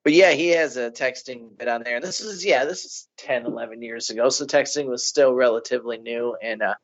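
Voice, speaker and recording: A man's voice: mid-range voice, fairly quick, lo-fi sound. A man co-hosting a comedy podcast, rambling and hesitant in casual banter. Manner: rambling, hesitant, lots of restarts. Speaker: podcast co-host.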